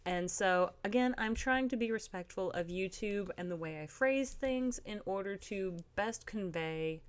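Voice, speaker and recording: A woman giving a casual spoken book review, earnest and careful, often pausing with um and restarting her sentences. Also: mid-range voice, clear, resonant tone.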